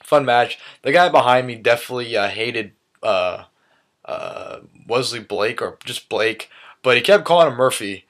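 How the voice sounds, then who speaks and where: A man's voice: medium pitch, expressive, normal speed, fairly bright tone. A young man giving a casual, enthusiastic recap in his own words, often saying "awesome" with many fillers and restarts. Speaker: vlogger recapping a live wrestling event.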